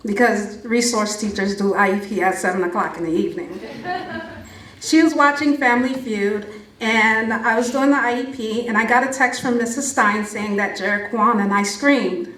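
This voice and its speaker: A woman's voice: on the high side, moderate pace, a bit bright. A woman teacher giving a heartfelt prepared speech introducing a student at an event, laughing often. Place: large library event hall. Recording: echoey room from far off.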